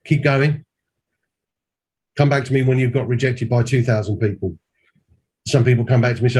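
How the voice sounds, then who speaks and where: A man's voice: mid-range voice, moderate pace, pauses often, a little mellow, breathy edge. A man giving a mentoring talk, emphatic and repeating his key points. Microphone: call audio.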